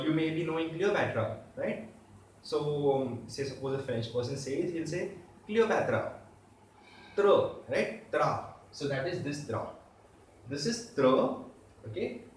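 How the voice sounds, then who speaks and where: A man teaching a step-by-step language lesson, patiently repeating each sound slowly so it can be drilled. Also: fairly high pitch, slight background noise. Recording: very echoey room, voice far from the mic.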